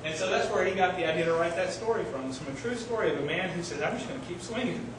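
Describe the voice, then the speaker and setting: Male pastor preaching with animated storytelling, high voice, recorded from across a very echoey church hall. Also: fast, distant mic, background noise. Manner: animated storytelling, shouting quoted lines. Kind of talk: sermon. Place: church sanctuary.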